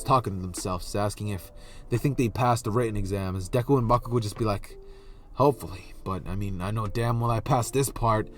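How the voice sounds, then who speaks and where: A man casually improvising a fan story, rambling along and stopping to correct himself. His voice sits at an ordinary middle pitch.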